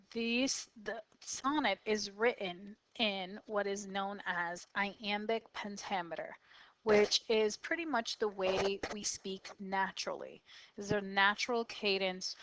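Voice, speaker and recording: A woman teaching a poetry lesson, explaining patiently and slowly with occasional fillers. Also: mid-range voice, fairly bright tone, rough recording. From United States. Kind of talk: classroom lecture on poetry.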